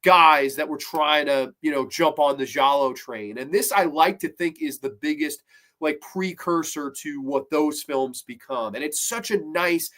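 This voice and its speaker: Male horror film reviewer, fairly high voice, rambling and excited, swears casually. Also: a little slow.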